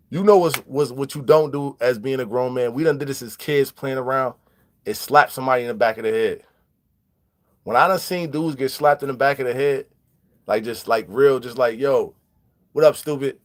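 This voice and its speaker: A man casually telling prison stories, greeting live viewers and acting out quoted dialogue in street slang. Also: medium pitch. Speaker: vlogger. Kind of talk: casual storytelling vlog.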